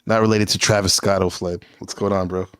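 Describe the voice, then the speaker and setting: Male panel host, lowish and dry, teasing, profane, loose. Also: flat delivery, fairly quick, fairly bright tone, clean tone, no room sound. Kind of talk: casual panel show hosting.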